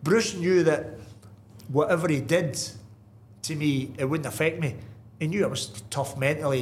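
A middle-aged man, a guest telling lively stories in casual chat, full of asides and restarts. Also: fairly high pitch, slight background noise. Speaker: guest, football manager. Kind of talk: casual anecdotal storytelling.

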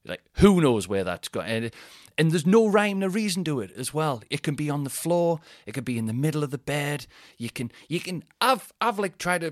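A man hosting a podcast, telling comic stories in a chatty, self-deprecating way with animated asides. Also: mid-range voice, no echo, clean studio sound. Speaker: podcast host. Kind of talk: casual comedic monologue.

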